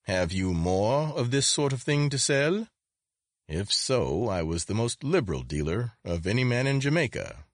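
A man voicing an elderly, shrewd male pawn dealer in a storybook reading, with a slow, drawn-out, pitched-up delivery. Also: big pitch swings, no room sound, clean studio sound, lightly acted. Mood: probing.

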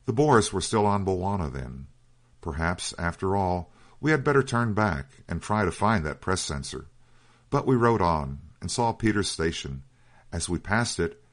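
A man narrating a written story in a measured, steady storytelling reading. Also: low-pitched. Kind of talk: scripted audiobook narration.

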